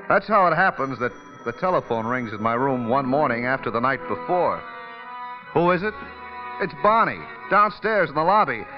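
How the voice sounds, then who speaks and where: A man's voice: a little high, lightly acted. An actor playing a wisecracking young burlesque comedian who narrates his own story, in 1950s radio drama acting. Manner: fast, slangy, lively narration and banter. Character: brash wisecracking burlesque comic, young man. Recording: dull old radio broadcast with music.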